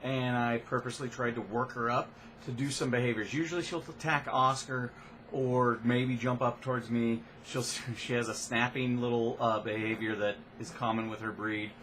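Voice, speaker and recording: A man working as a dog trainer, giving a casual instructional talk in a relaxed, plain way with frequent fillers. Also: mid-range voice, moderate pace, a little hiss or hum.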